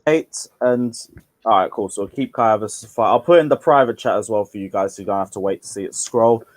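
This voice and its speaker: A man hosting a casual panel over a call, calmly moving the discussion along and asking each person for their view. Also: lowish voice, fast, no room sound. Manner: easygoing, moves things along. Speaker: host. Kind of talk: casual chat moderating a panel.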